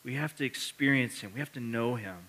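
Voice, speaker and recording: Man, pastor, sermon, bright tone, earnest, emphatic repetition, casual asides. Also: medium pitch, fairly quick. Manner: casual, self-correcting asides.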